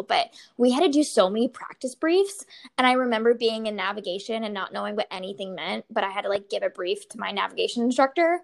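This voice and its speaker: A woman in her thirties co-hosts a casual podcast chat, telling stories animatedly with plenty of fillers and frequent laughter. Her voice is medium in pitch with noticeable vocal fry.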